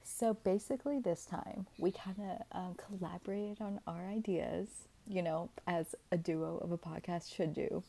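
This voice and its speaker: Young woman podcasting from home, kinda gravelly voice, rambly and chatty, just getting over a cold. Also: fairly low pitch, measured pace, few pauses, warm tone. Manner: chatty, rambling, self-aware. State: recovering from illness. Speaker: podcast co-host. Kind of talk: casual podcast chat. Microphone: home computer mic, remote recording.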